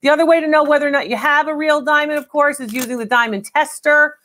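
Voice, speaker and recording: A woman hosting a live call-in appraisal stream, talking in a brisk, chatty, direct way. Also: high voice, pushed and bright. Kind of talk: unscripted live appraisal chat.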